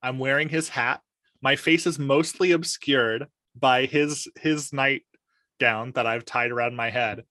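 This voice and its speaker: Bright-voiced man playing a tabletop game. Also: medium pitch, fairly even intonation, a little slow, dry recording. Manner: hesitant, full of fillers. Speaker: podcast host, player. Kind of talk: tabletop role-play, describing his actions.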